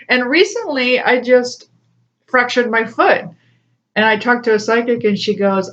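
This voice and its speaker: A woman's voice: fairly high pitch, unhurried, pauses often, fairly bright tone, muffled recording. A woman, a spiritual coach, talking casually and personally to her viewers, laughing often and acting out voices when she quotes people. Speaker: spiritual coach and tarot reader. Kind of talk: casual personal talk to camera.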